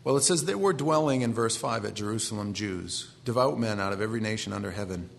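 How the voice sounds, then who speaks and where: A man's voice: fairly low pitch, fast, gravelly. A man in his forties with a Maine accent, preaching a sermon in a conversational way with self-deprecating asides. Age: 40s. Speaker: pastor.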